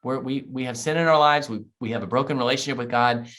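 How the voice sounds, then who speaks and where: A man's voice: mid-range voice, fairly even intonation, fast, a bit bright. Earnest man telling a personal story. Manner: earnest, heartfelt, reflective. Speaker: podcast guest.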